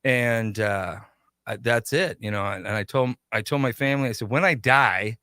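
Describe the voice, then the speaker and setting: A man on a radio show telling anecdotes and acting out the back-and-forth of old conversations. His voice is bright and forward. The sound is close and dry, like a studio mic. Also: mid-range voice, normal speed, dry recording. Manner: animated anecdotes with quoted dialogue. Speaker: shop owner guest. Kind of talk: casual radio interview storytelling.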